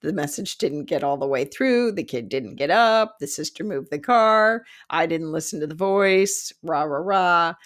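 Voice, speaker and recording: A woman in her fifties, a psychic development teacher, telling a story in an animated, self-mocking way and laughing often. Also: low-pitched, measured pace, hardly any pauses. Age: 50s. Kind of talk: storytelling monologue.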